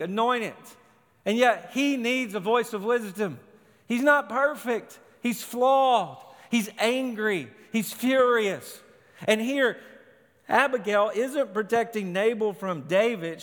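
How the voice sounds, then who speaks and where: A man's voice: sits high, takes it slowly, a bit bright. A male pastor preaching a sermon in emphatic, short, punchy phrases. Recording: long hall reverb.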